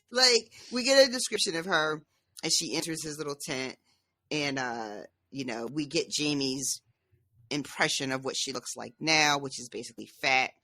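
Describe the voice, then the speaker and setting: A woman's voice: deep voice, bright, forceful tone, dry recording, clean studio sound. A woman co-hosting a podcast, chatting casually about a book, laughing often and swearing freely. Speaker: podcast co-host.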